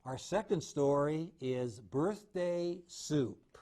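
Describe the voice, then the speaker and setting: An older man reading a children's picture book aloud, slow and gentle. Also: medium pitch. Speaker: storyteller.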